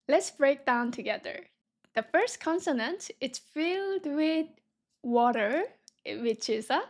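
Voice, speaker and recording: Slow, cheerful high-voiced woman teacher. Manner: cheerful, slow and deliberate, sounding out syllables. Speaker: Korean language teacher. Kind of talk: beginner language lesson.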